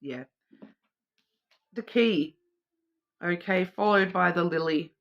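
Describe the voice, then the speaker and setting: Bright-voiced woman reading oracle cards. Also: on the low side, slow pace, dull audio. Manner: rambling, hesitant, repeats and restarts words. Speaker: tarot and oracle card reader. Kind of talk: casual intuitive card reading.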